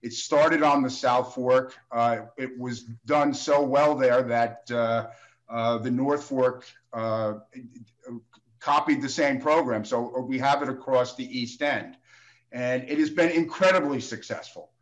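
A man's voice: mid-range voice, a little slow. Assemblyman guy explaining stuff, lots of uhs, dull call audio. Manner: explanatory, hesitant, many "uh" fillers. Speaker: state assemblyman. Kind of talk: panel remarks on a video call.

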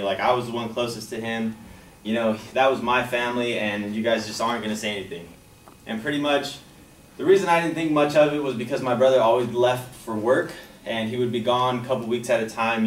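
A young man telling a personal life story in a casual, halting way, full of "like" and "you know". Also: medium pitch. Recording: echoey, distant from the mic, faint background noise.

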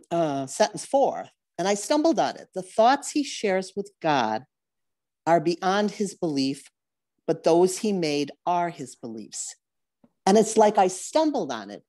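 A woman with a mellow, warm voice and a lively, swinging pitch. She shares her thoughts earnestly, halting and restarting as she searches for words. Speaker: study group member. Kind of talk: casual spiritual discussion.

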